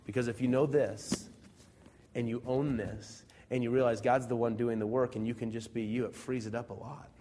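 Male pastor from Central Illinois, mid-pitched, preaching in church. Chatty sermon with rhetorical questions and loud-soft swings. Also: fairly even intonation, normal speed, a little hiss or hum.

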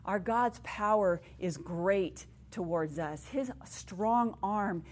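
A middle-aged woman speaking at a women's conference, telling her own story and teaching from the Bible in an animated way that acts out the people she quotes. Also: mid-range voice, slow pace. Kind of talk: personal testimony and Bible teaching.

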